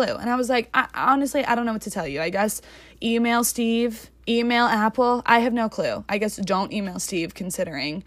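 A young adult woman hosting her own podcast in casual solo chat, talking fast and rambling with lots of fillers. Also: on the high side, dry recording. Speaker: podcast host.

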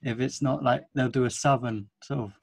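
A man hosting a casual podcast interview and cracking jokes with his guest. His pitch sits in the middle, and the recording is dry and close. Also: fairly even intonation, moderate pace, vocal fry, no echo. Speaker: podcast host.

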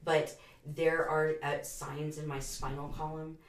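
A woman in her forties with a raspy, smoker-like voice, a podcast guest who talks candidly with rambling asides and self-deprecating humor. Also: deep voice, level tone, measured pace, distant mic. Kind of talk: casual interview conversation. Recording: roomy echo, a bit off mic.

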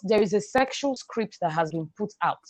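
A woman educator explaining her ideas in a measured, emphatic way on a podcast. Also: mid-range voice, animated, no echo. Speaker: guest, sexual and reproductive health educator. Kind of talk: podcast conversation.

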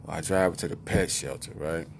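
Middle-aged guy rambling through a funny story, lowish voice, bit of rumble behind. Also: fairly even intonation, brisk, gravelly. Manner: rambling and conversational with asides. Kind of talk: comic personal storytelling.

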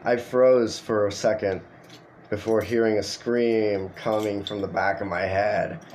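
A man hosting a podcast, reading an online story aloud and breaking in with crude, animated comments. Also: lowish voice, measured pace, slight background noise. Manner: profane, animated storytelling with asides. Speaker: podcast host.

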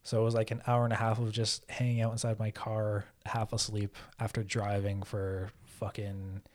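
Casual podcast co-host, man, steady flat delivery, rambling and profane. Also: lowish voice, normal speed. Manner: rambling storytelling, frequent swearing and fillers. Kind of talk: casual chat.

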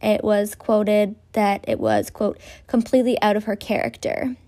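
A woman's voice: mid-range voice, sing-song, normal speed, dark tone. A young woman hosting a true-crime podcast, talking casually with swearing and self-deprecating asides. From Ontario, Canada. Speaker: podcast host.

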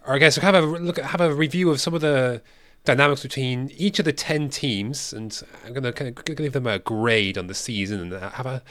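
A man's voice: mid-range voice, brisk, few pauses, a bit bright, dry recording. Rambling man co-hosting a podcast. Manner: rambling, many fillers and restarts. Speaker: podcast co-host. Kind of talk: casual chat.

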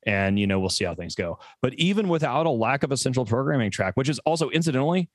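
A man's voice: mid-range voice, very animated, fast, dry recording. An American man co-hosting a podcast, talking in a rambling, profane way full of stammered repeats. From USA. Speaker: podcast co-host. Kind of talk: casual chat.

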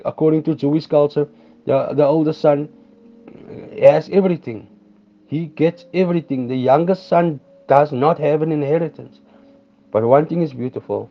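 A man preaching a sermon, reading scripture aloud and explaining it, repeating and restarting phrases and slowing down on key words. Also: on the high side. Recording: dull lo-fi sound with faint music behind.

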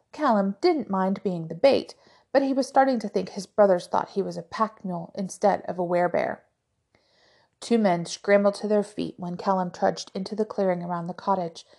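A woman narrating a fantasy novel aloud in an even, measured storytelling voice. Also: medium pitch, gravelly. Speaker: audiobook podcast narrator.

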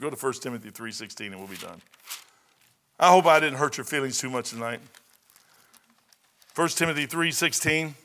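Emphatic preaching man, bright voice. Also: mid-range voice. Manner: emphatic preaching, swinging between loud declarations and dropped near-mutters. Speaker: pastor. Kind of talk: sermon. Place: church.

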